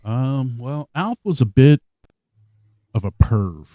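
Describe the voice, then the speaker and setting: A man's voice: mid-range voice, very animated, takes it slowly, mellow, no room sound, studio quality. Joking male podcast co-host. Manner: joking, laughs often, trails off with fillers. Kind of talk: casual comedic chat.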